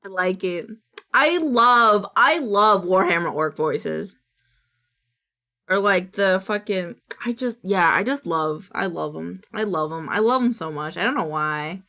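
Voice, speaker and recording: A young woman streaming, chatting casually and reacting to clips, high and loose, swearing and squealing. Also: moderate pace, few pauses, a bit bright. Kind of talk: casual chat reacting to videos.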